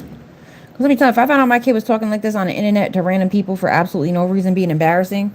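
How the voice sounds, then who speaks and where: A woman's voice: medium pitch, steady tone, quick pace, a little mellow, a little hiss or hum. Sassy woman chatting on a nail livestream. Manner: blunt, sassy, talks back to chat viewers. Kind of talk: casual livestream chat.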